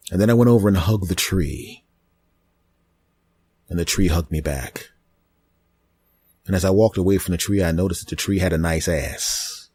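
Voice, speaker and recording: A man hosting a comedy podcast, rambling in a deadpan, absurd monologue on a close mic. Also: low voice, normal speed, pauses often, slightly rough.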